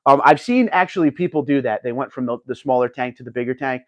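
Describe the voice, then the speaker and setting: A man's voice: mid-range voice, quick pace, no echo. A man hosting a casual livestream, chatting and reading viewer comments aloud. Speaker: livestream host reading chat.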